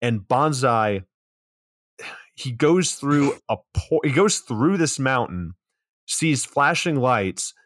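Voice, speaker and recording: A man's voice: medium pitch, animated, slow pace, fairly bright tone, no room sound. A man co-hosting a podcast, casually recapping a movie with loose plot summary, swearing and dry asides. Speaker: podcast co-host.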